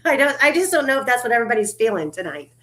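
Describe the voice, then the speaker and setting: A woman's voice: a little high, big pitch swings, very fast, a bit bright. A woman hosting a casual livestream chat, talkative and loose, swearing now and then and laughing often. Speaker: livestream host.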